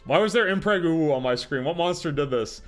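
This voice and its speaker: A man streaming live, chatting casually and reacting out loud, often breaking into laughter. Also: a little high, lively intonation, fast, soft background music.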